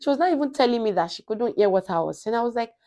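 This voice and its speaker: A young Nigerian woman vlogger with a Nigerian accent, telling a personal story in a casual, animated way and acting out the dialogue. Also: on the high side, racing. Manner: animated, acts out quoted dialogue.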